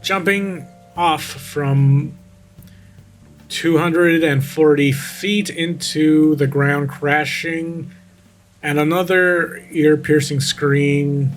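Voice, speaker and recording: A man's voice: on the high side, fairly even intonation, extremely slow, soft background music. A man reading a creepypasta aloud and breaking off to mock it with sarcastic commentary, close to the mic. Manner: sarcastic, interrupts the story to make fun of it.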